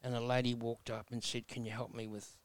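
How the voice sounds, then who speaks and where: A man's voice: mid-range voice, little pitch movement, a little fast, no room sound. A man in his sixties with an Australian accent, telling his life story as an interview guest in a blunt, earnest, folksy way. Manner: blunt, earnest, folksy with mild self-mocking humor.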